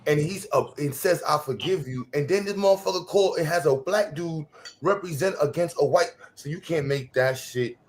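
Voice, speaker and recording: A man in a casual group debate, incredulous and animated about the topic. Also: a little high, moderate pace, a little hiss or hum.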